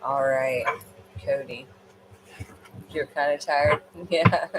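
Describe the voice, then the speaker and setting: A woman's voice: sits low, slow pace, very noisy. Tired, chatty woman reading tarot. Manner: rambling, chatty, with fillers. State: tired, late at night. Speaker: tarot card reader. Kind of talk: casual livestream card reading.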